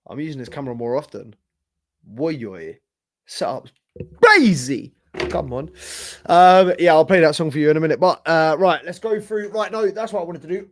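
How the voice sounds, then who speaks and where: Hoarse, sweary young man streaming. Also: a little high, no echo, studio quality. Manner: casual, sweary, slangy, talks to chat. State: losing his voice. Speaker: host of a football fan live stream. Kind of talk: live match reaction stream. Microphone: streaming setup with camera.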